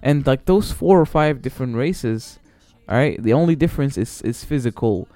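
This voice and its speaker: Smooth-voiced man rambling on a podcast. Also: mid-range voice, animated, normal speed, dark tone, dry recording. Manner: rambling, swearing, lots of fillers and restarts. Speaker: podcast host. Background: faint background music.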